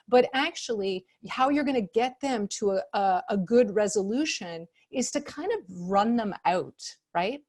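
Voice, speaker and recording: Calm, conversational woman, fairly high voice. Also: moderate pace, few pauses. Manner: calm, conversational, many fillers; acts out example phrases in changed tones. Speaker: expert speaker on customer service. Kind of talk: online workshop presentation.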